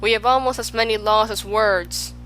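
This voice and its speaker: A regal storybook king who booms out commands yet sounds weary and sad underneath, as a woman reads him. a faint wash of music sits under the audiobook narration. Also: fairly even intonation, moderate pace, fairly bright tone, lightly acted, rough recording. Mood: gloomy. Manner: grand commands, then sad sighs. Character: gloomy, commanding king of words. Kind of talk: audiobook character voice.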